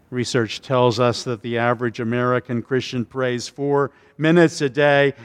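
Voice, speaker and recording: A man preaching a sermon as a pastor, halting at times, repeating words and restarting phrases. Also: mid-range voice, long reverb tail.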